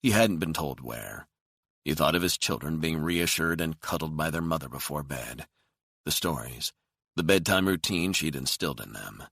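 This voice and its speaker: Man, deep voice, bright tone, thriller audiobook narration, measured, dry studio sound. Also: lively intonation, creaky, husky, no room sound.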